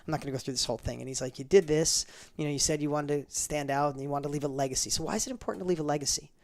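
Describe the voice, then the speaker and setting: A middle-aged man telling a personal story in an interview, fast and emphatic, acting out the dialogue he quotes. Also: on the high side.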